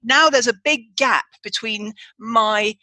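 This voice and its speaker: Woman host rambling on in a casual chat, bright tone, dry close sound. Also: a little high, takes it slowly, dry recording. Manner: rambling, with many restarts and asides. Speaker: podcast host.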